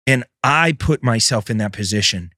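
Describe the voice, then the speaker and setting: A man's voice: mid-range voice, expressive, moderate pace, dry recording, studio quality. Intense man telling a raw story. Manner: intense, swings between loud and hushed. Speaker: podcast host. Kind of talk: emotional personal storytelling.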